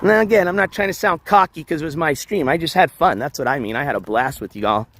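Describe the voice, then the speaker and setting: A man hosting a casual walking livestream outdoors, reading the chat aloud, shouting thanks for donations, and losing his voice. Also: on the high side, fast talker. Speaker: livestream host. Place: outdoors on city streets, walking dogs. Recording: faint street noise outdoors.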